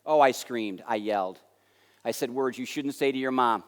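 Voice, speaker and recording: An American man giving a conference keynote, telling a story with lively acted-out dialogue that swings between loud and soft. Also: medium pitch, moderate pace. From United States. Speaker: keynote speaker. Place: large conference hall. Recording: long hall reverb.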